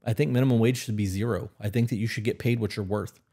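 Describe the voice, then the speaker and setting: A man's voice: fairly low pitch, fairly even intonation, fast talker, dark tone, breathy edge. A man co-hosting a podcast, talking bluntly and opinionated, with frequent swearing. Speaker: podcast co-host. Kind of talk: casual opinionated chat.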